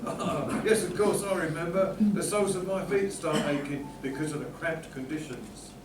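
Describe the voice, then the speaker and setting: Bumbling, indignant man, slightly high. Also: normal speed. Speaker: panto performer playing a genie. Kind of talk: amateur panto comedy. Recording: echoey room, far from mic, noisy.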